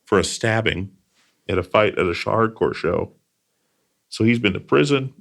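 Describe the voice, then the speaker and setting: Low-voiced man telling podcast stories. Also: animated, normal speed, vocal fry, fairly bright tone. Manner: storytelling, earnest, trailing asides. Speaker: podcast host. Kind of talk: casual podcast chat.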